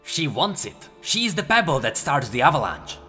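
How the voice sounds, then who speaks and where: A shrill, crackling old crone seer, frantic and cryptic, as a man puts her on. The voice leaps high and swings wildly up and down, spitting out riddles in a story narration. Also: sing-song, normal speed, sharp tone, soft background music.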